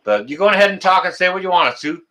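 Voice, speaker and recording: A man from Canada hosts a casual live stream, his fairly high voice cutting bright and sharp. He breaks into excited exclamations between stretches filled with "uh"s. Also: fast talker. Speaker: livestream host.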